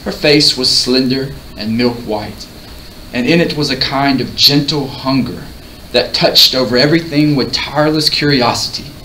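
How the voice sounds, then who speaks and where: A man reading a novel aloud in a measured, expressive way. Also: medium pitch. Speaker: audiobook reader. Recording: roomy, distant mic, faint hiss.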